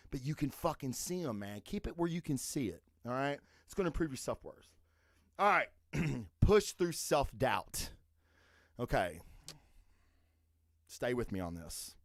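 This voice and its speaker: A podcast host delivers a profane, emphatic motivational rant, checking in with "okay?" and "all right?" after his points. His voice is fairly high, and the sound is clean studio audio with no echo.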